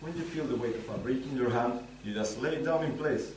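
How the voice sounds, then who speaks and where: A man playing Alquist, a calm, reflective builder, in an amateur stage play, speaking with some hesitation. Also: medium pitch, fairly quick, lightly acted. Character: calm, pious middle-aged male builder Alquist. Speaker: student actor in a stage play. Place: stage or classroom. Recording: echoey room, far from mic, faint noise.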